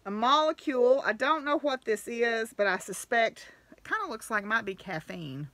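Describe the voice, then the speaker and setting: A woman talks to camera on her knitting podcast. Her higher voice is bright and ringing, and the sound is dry and close. She gushes with gratitude, chatty and quick to exclaim. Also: expressive, no room sound. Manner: gushing, grateful, chatty with laughs. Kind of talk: casual chat to camera.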